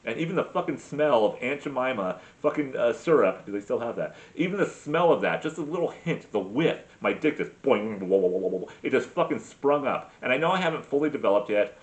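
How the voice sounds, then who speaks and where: A man's voice: medium pitch, animated, fairly quick, hardly any pauses. A man ranting crudely in a comic monologue, rambling with many fillers and restarts. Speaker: comedy podcast host. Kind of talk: profane comic rant.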